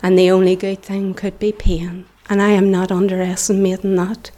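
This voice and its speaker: A woman's voice: mid-range voice, level tone, normal speed, mellow. A middle-aged woman with a Northern Irish accent gives an earnest, impassioned church testimony, sometimes dropping into a whisper. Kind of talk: preaching testimony.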